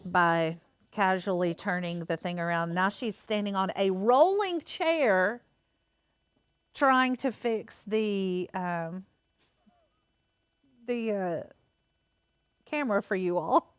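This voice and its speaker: A woman walks through a craft project in an easygoing, rambling way, full of ums and asides. Her voice sits at an ordinary middle pitch, and the sound is close and dry with no room echo. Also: slow, pauses often, clean tone. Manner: chatty and rambling, many fillers. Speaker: craft host. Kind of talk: casual craft tutorial.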